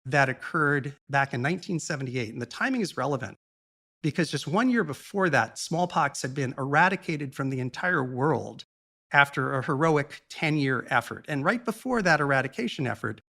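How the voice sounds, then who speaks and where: A man speaking as a podcast guest, explaining a topic in a long, measured and earnest monologue with the odd blunt aside. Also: medium pitch, expressive, vocal fry, pushed and bright.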